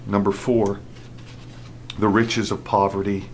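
A man's voice: fairly low pitch, level tone, slow, darkish tone, a little hiss or hum. A man preaching a sermon, restarting phrases with fillers and rising into an emphatic, repetitive cadence. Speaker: pastor.

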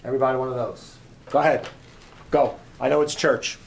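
A man's voice: medium pitch, steady tone, brisk, vocal fry, noisy background. A man giving an informal sermon as a guest preacher in a church, chatty and joking, often repeating his phrases.

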